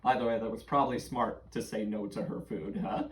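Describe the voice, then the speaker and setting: A woman's voice: very deep voice, steady tone, a little fast, roomy sound. A woman running a playful, interactive story game for children, coaxing them along and laughing often.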